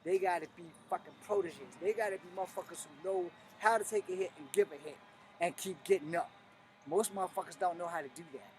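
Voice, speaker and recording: A man's voice: sits high, fast, darkish tone, slight background noise. A middle-aged man, a martial arts instructor, giving a blunt, profane, emphatic teaching talk on a live stream.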